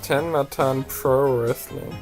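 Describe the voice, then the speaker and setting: A let's player giving casual commentary, reading game text aloud and adding quick chatty asides. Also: medium pitch, fairly even intonation. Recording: loud game music behind the voice.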